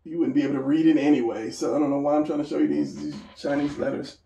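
Gravelly man teaching drawing, echoey room. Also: a little high, level tone, fast, mellow, recorded from a distance, highs cut off, slight background noise. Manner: rambling, talks to himself while sketching. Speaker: drawing instructor. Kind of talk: casual drawing tutorial.

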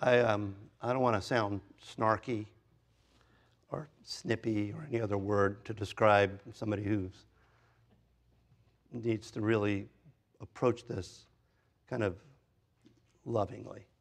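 In a church sanctuary, a pastor in his fifties or older delivers an expository sermon with a chatty feel. Self-deprecating asides pop up, and big shifts in pitch and loudness carry his emphasis.

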